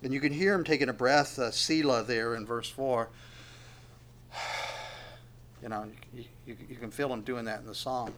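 A man's voice: mid-range voice, moderate pace, long pauses, fairly bright tone. A man preaching a sermon in a conversational way, asking questions of the congregation and at times dropping to a near whisper. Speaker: pastor.

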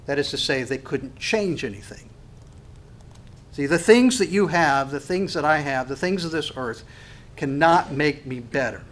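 A middle-aged man preaching an expository sermon, stressing key phrases slowly and rising suddenly for emphasis. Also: a little high, expressive. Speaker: pastor.

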